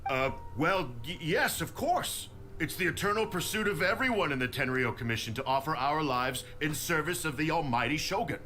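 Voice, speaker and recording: A man's voice: a little high, animated, moderate pace, hardly any pauses, sharp tone. An actor playing a scheming older male noble who blusters and stammers when he is cornered. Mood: flustered.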